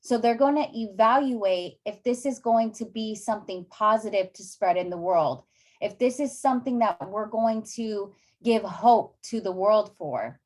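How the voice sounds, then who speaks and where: A woman's voice: medium pitch, measured pace, darkish tone. A woman hosting a summit session, enthusiastically praising the speakers and instructing listeners through a list of steps. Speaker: summit host.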